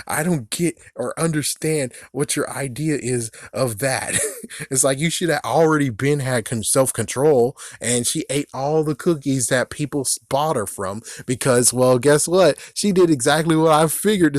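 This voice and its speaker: A man's voice: medium pitch, dry recording, studio quality. A man reviewing a cartoon in a casual, rambling way, ranting with heavy swearing and frequent chuckles.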